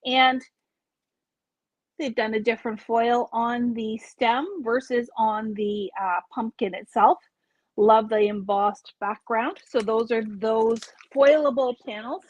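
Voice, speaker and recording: A woman's voice: a little high, steady tone, slow pace, dry recording, highs cut off. A woman hosting a live craft store video, chatty and explanatory, often correcting herself as she shows products. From Canada.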